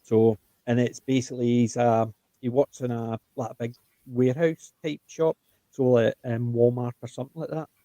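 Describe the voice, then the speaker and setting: Older Scottish man, mellow and dry. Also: mid-range voice, normal speed, no room sound, rough recording. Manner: chatty, animated storytelling with acted-out quotes. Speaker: host. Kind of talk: casual group chat.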